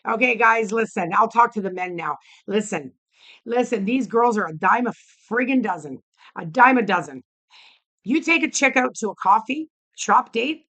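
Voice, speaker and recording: A woman's voice: on the high side, lively intonation, normal speed, pushed and bright. A woman vlogger ranting to camera, heated and blunt, swearing often. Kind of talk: angry opinion rant to camera.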